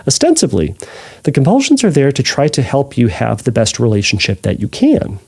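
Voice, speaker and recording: Male therapist host, gravelly mellow voice, measured advice, restarts often. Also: medium pitch, huge pitch swings. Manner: thoughtful, with frequent restarts and self-corrections. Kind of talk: answering a listener's question.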